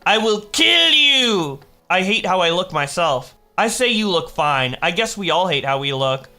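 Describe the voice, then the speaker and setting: A young man hosting a commentary video, reading old chat messages aloud in a mocking tone and jumping into quick exaggerated voices for the quoted lines. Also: a little high, pushed and bright. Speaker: commentary host.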